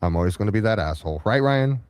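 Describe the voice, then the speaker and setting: A man hosting a livestream reaction, talking sarcastically and taunting, sometimes jumping up into high-pitched mockery. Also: animated, fast talker, a little mellow, slight background noise. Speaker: livestream commentary host. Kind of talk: mocking reaction commentary.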